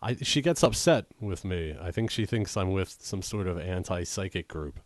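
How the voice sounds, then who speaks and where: A man's voice: sits low, expressive, normal speed, dry recording, faint music behind. A man hosting a podcast, chatting casually with teasing, sarcastic humor and frequent laughs. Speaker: podcast host. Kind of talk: casual chat.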